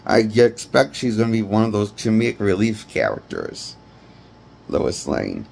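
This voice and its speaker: A man's voice: lowish voice, wildly swooping pitch, measured pace, creaky, darkish tone, a little hiss or hum. A man giving a rambling, blunt and profane movie review. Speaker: movie critic. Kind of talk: ranting film review.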